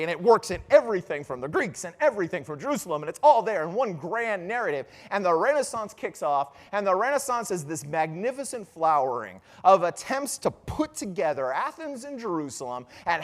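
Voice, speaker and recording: A man giving a lively conference lecture, telling the story with dramatic emphasis and casual asides to the audience. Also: sits high. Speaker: conference speaker on classical education.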